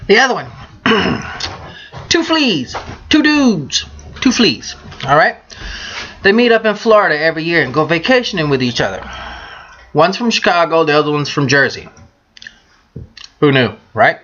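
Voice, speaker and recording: Crude joking woman vlogging over a beer, bright bouncy voice, muffled lo-fi sound. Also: deep voice, very animated, a little slow, pauses often, a little hiss or hum. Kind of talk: casual beer-drinking vlog with bawdy jokes.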